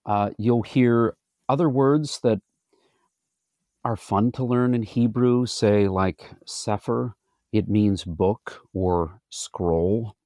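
A man who is a pastor, teaching a Bible study in a deliberate, explanatory way. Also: fairly low pitch, warm tone, no room sound, clean studio sound.

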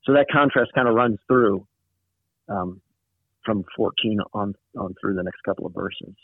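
A man's voice: fairly low pitch, normal speed, husky, no room sound. A man in a casual Bible study discussion, explaining a passage thoughtfully with frequent fillers. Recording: tinny phone-like line.

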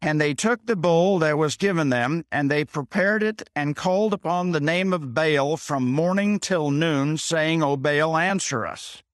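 Captured dry in a clean studio, this slightly high-voiced preacher reads scripture at a slow pace. He keeps stopping to unpack the passage in simple words, going over his points again and asking "okay?".

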